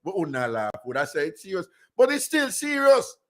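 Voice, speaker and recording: A man's voice: high-pitched, wildly swooping pitch, brisk. A man with a Jamaican accent, hosting radio and telling a story in casual, rambling patois with many "you know"s. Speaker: radio host.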